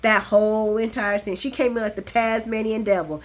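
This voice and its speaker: A woman giving a casual, animated recap of a soap opera, chatty and blunt, laughing often and swearing freely. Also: a little high, moderate pace.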